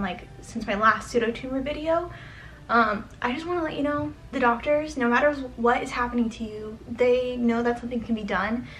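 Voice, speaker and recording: A woman's voice: a little high, fairly bright tone, a little hiss or hum, low-quality recording. A young woman giving a sit-down vlog update, talking in an earnest, chatty way with plenty of "like" fillers. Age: young adult. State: getting emotional, close to tears. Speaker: vlogger.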